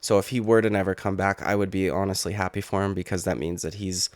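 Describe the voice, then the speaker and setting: Low-pitched and recorded without room sound, this man in his late twenties runs an MMA YouTube channel. His reaction commentary on fighting news is laid-back, meandering and profane.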